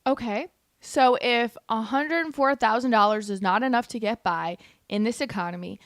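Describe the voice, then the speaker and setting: A woman's voice: medium pitch, moderate pace, no room sound. A young woman hosting a livestream, reacting to clips with blunt, heated, sarcastic commentary. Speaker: political commentary host.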